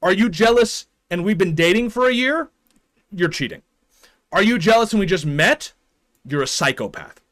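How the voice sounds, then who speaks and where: A man with a high voice that swings widely up and down chats casually on a live stream. He is opinionated and rambling, and he laughs often between points. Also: animated, moderate pace, a bit bright.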